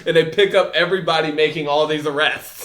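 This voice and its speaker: A man co-hosting a podcast, telling a story casually, animated and laughing as he acts out voices. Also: a little high, fairly quick. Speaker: podcast co-host.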